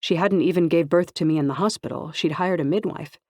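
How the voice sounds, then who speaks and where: An audiobook narrator reads a first-person novel in a steady, even storytelling voice at middle pitch, going a little fast. The recording is close and dry, with no echo.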